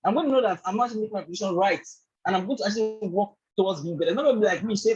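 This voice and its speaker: A man's voice: high voice, very fast, hardly any pauses, a little mellow, breathy edge, muffled recording. A man teaching a live online trading bootcamp on a group call. He keeps checking in with his listeners, asking "do you understand?" and "right?", and he often says "actually". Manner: leans heavily on "actually" and "all of that". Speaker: trading instructor.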